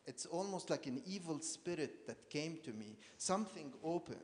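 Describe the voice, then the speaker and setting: A Lebanese man, an artist, tells a personal story in a talk, hesitating, repeating words and leaning on fillers. His voice is fairly high and animated, at a moderate pace with hardly any pauses. A long hall reverb surrounds the recording.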